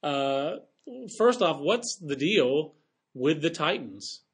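A man hosting a sports podcast with a voice pitched a bit above the usual. He talks in a quick, chatty way and tosses in playful asides. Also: animated, slightly rough. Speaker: podcast host. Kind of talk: casual sports chat.

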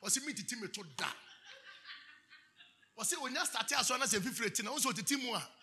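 High, gravelly Ghanaian preacher. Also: male voice, animated, fast, slight background noise. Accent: Ghanaian English. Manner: shifts from chanted shouting to quiet storytelling. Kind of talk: sermon.

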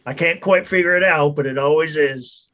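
A man playing a tabletop game, joking and excitable. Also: a little high, moderate pace, highs cut off. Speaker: player. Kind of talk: casual tabletop game play.

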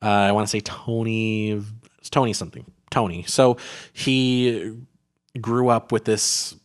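In an unhurried, smooth, steady voice of fairly low pitch, a man co-hosts a podcast reviewing a film. His casual talk rambles, heavy with fillers and restarts.

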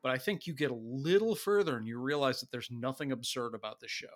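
A man's voice: medium pitch, fast talker. A man in casual podcast talk, explaining at length with frequent hesitant restarts. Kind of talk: casual chat.

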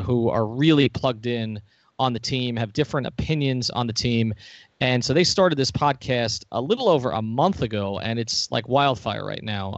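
A man's voice: mid-range voice, no echo, muffled recording. A man hosting a sports podcast, talking in a chatty, enthusiastic way. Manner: chatty, enthusiastic, laughs often. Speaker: podcast host. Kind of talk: casual sports podcast chat.

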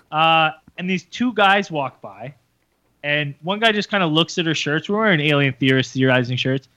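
A hungover podcast co-host tells a story in casual, swear-heavy chat, animatedly acting out the people he quotes in high voices. He speaks at a normal speed, and the recording is dry.

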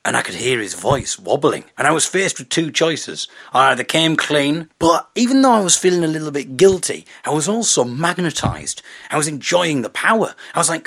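A man's voice: fairly high pitch, very animated, moderate pace, hardly any pauses, fairly bright tone, husky. A man hosting a podcast, telling a comic personal story in a self-mocking way and slipping into character voices. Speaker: podcast host.

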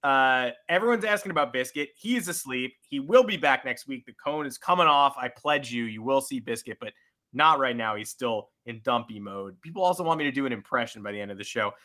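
A man's voice: medium pitch, animated, fairly quick, pushed and bright. A man hosting a baseball podcast, chatting loosely and joking with plenty of fillers. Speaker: podcast host. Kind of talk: casual baseball podcast chat.

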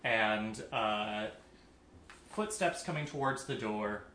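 A man's voice: on the low side, slow pace, pushed and bright. A man narrating as game master of a tabletop game, hesitant, with frequent ums and uhs. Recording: echoey room, distant mic, faint noise.

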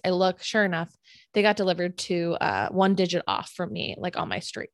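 A woman telling a personal story in casual chat, animated and full of "like" fillers. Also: lowish voice, fairly quick, no room sound, studio quality. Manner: animated, filler-heavy retelling with many "like"s.

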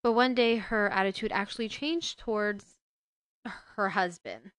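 A woman casually retelling a book and commenting on it, growing indignant and loud as she scolds a character. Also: medium pitch, unhurried, smooth, no echo. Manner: indignant, gets loud and heated when scolding the father. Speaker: book discussion host.

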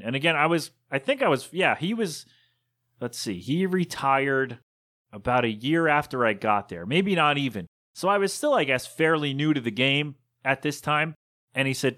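Bright-voiced man rambling through a story. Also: medium pitch, expressive, moderate pace. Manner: rambling, digressive. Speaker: podcast host. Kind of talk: casual storytelling monologue.

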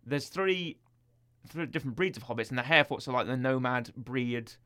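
A man co-hosting a casual chat, rambling and excitable, with jokey asides. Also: medium pitch, brisk. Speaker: podcast co-host.

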